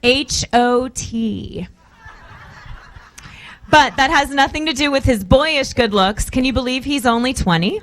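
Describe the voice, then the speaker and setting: A woman's voice: high-pitched, brisk, hardly any pauses, a bit bright. A woman from the American South introducing a conference speaker, reading his bio in a playful, teasing way. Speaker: event host introducing the speaker. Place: conference hall.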